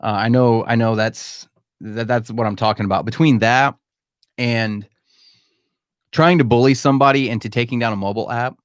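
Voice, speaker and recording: A man's voice: mid-range voice, fairly even intonation, moderate pace, clear, resonant tone, no room sound, studio quality. Candid man hosting a live Q&A. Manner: candid, emphatic, calls listeners "man". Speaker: podcast host. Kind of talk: live-stream Q&A chat. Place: home room.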